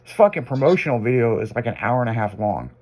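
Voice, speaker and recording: A man casually telling a long anecdote, profane and animated, acting out what people said. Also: mid-range voice, fast, husky. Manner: profane, animated, acts out quotes. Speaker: guest storyteller. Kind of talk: casual storytelling.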